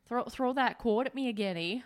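A woman's voice: a little high, fairly quick. A woman co-hosting a comedy podcast, chatting playfully and laughing often. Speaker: podcast co-host. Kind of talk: casual comedy chat.

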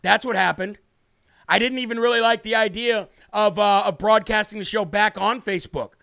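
A man's voice: sits high, moderate pace, gravelly, bright, forceful tone, no room sound, studio quality. A man hosting a live political talk show, brash and combative, with mocking asides to viewers. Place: home studio.

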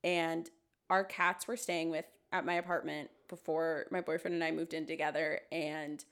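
A young woman co-hosting a casual book podcast, relaxed and agreeable. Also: low-pitched, normal speed, clear, resonant tone. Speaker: podcast co-host. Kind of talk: casual chat.

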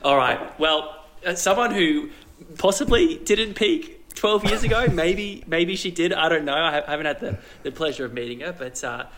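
A man's voice: a little high, expressive, moderate pace, a bit bright. A man co-hosting a podcast, joking and self-mocking, laughing often. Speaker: podcast co-host. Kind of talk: casual banter.

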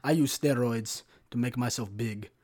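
A man voicing a smug, hulking male bodybuilder who uses steroids, in a slow, low and heavy put-on foreign accent. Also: a little mellow, natural voice.

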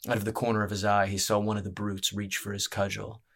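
Low-voiced male fantasy narrator. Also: little pitch movement, fast, a bit bright. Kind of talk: scripted audiobook narration.

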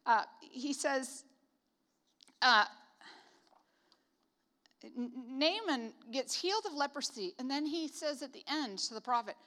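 A woman's voice: high-pitched, lively intonation, slow, long pauses, sharp tone. Chatty Canadian woman preaching in a hall. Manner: chatty, joking asides with frequent "like". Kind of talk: casual sermon. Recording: reverberant hall.

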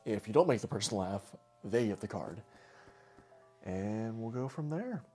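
Young guy hosting a chill podcast game, warm dark voice, always laughing. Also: on the low side, expressive, normal speed, faint music behind. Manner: laughs often, teasing. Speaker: podcast host. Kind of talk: casual chat, game hosting.

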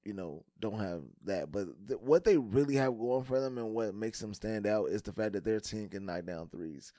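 A man's voice: lowish voice, normal speed, mellow, dry recording, clean studio sound. A man co-hosting a podcast, talking basketball in a loose, casual way, restarting and filling with "like" and "you know". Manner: loose, repeats himself, many fillers. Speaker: podcast co-host. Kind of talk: casual sports chat.

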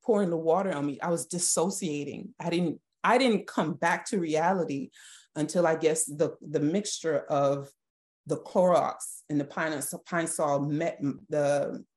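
A woman with a notably low voice speaks as a podcast guest giving personal testimony. Her delivery is halting and emotional, and she often restarts her sentences. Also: darkish tone. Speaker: guest sharing her story.

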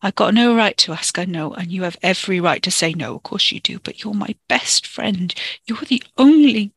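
A man's voice: high-pitched, animated, moderate pace, fairly bright tone, slightly rough, no echo, full character voice. The narrator voicing a grieving young man who pleads with a breaking voice, then turns to snarling. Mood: pleading.

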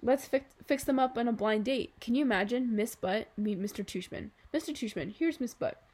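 A woman plays a middle-aged father in a storybook reading, playful and quick to tease. He turns excitable and animated as he jokes. The read stays clear and close. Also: medium pitch. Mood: excited.

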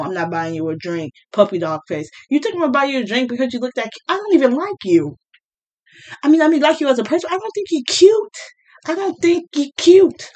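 Young woman vlogger, slightly high voice, blunt and mocking, casual rant. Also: darkish tone.

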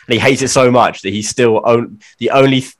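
A young man co-hosting a casual podcast, with dry, wry jokes and quick laughs. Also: mid-range voice, fairly even intonation. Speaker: podcast co-host. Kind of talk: casual pub-banter podcast chat.

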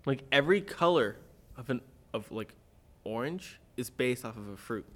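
A man's voice: medium pitch, expressive, moderate pace, a bit bright. A young man co-hosting a podcast in casual chat, joking and laughing often, telling stories with animation. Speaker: podcast co-host.

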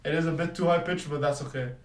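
A man's voice: a little high, fast. A young man co-hosting a podcast in laid-back, slangy casual chat, laughing often. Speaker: podcast co-host. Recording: echoey room.

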